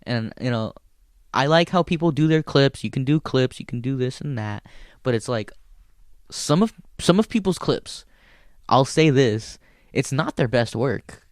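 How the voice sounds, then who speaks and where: A male comedian tells a story in a loose, rambling style, swearing freely as he goes. His voice sits at an ordinary middle pitch. The sound is dry and close, with no room around it. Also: unhurried, dry recording. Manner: profane, rambling, animated storyteller. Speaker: stand-up comedian and show host. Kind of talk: casual storytelling chat.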